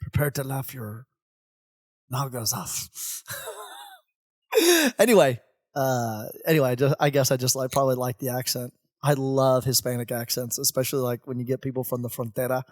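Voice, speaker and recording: A man, a priest, chatting casually on a podcast, animated and laughing often, with rambling restarts. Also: medium pitch, a little fast, no echo, studio quality.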